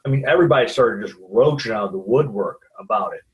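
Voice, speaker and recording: A man from the United States chats in an easygoing way, drifting from thought to thought and agreeing along the way. His voice is at an ordinary middle pitch. It is a relaxed podcast conversation. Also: fast, highs cut off. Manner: calm, agreeable, rambling. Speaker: podcast co-host. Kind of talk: casual political chat.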